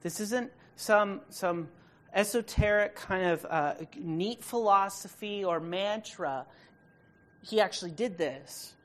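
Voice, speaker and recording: This sermon comes from a woman with a medium-pitched voice who speaks slowly. She reads scripture aloud, then explains it, stressing key words and moving from loud emphasis to quiet, hushed passages.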